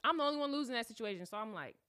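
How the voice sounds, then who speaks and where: A woman hosts a podcast and tells a story in a loose, slangy way, often acting out voices. Her pitch swoops up and down all the time, and her tone is bright and forward. She chats casually, as if with friends. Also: very fast. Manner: animated, slangy, acts out voices. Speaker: podcast host.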